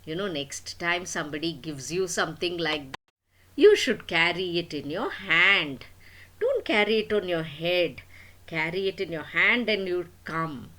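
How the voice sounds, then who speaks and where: An exasperated mother scolding her foolish son, rising on her exclamations and lecturing him in a slow, sing-song storybook cadence, as a grandmother acts her out. Her voice swings up and down as she explains the rule once more. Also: lowish voice, lively intonation, pushed and bright.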